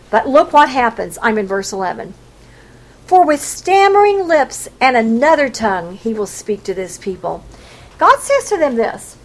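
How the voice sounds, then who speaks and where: A woman preaching a sermon in a high voice. She leaps up and down in pitch and hammers her points home. She acts out the quoted voices with big swings. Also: sing-song, normal speed, low-quality recording.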